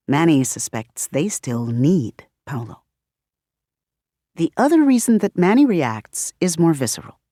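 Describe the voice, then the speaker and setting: A woman narrating an audiobook with expressive, varied delivery. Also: low voice, dry recording, studio quality. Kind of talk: scripted narration.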